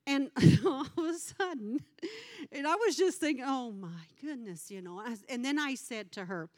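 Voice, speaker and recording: A woman's voice: sits high, lively intonation, normal speed. A middle-aged woman giving a devotional talk at a church gathering, telling a homey story in a chatty way and laughing often between lines. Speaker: lay speaker at a church gathering.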